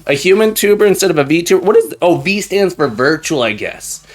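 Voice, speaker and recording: A man hosting a casual live stream, upbeat and chatty, greeting viewers warmly and repeating his phrases. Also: high voice, big pitch swings, fairly quick. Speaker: live-stream host and teacher. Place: room at home, indoors.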